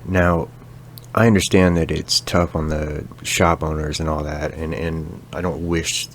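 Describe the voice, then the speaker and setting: Very deep-voiced sarcastic male podcaster. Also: little pitch movement, unhurried, slight background noise. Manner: profane, sarcastic ranting. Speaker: podcast host. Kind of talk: casual comedic monologue.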